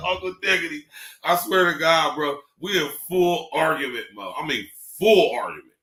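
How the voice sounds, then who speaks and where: A man's voice: fairly high pitch, unhurried, echoey room. A man hosting a casual podcast, telling stories, swearing and tagging lines with fillers. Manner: animated storyteller, swears, many filler tags. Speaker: podcast host.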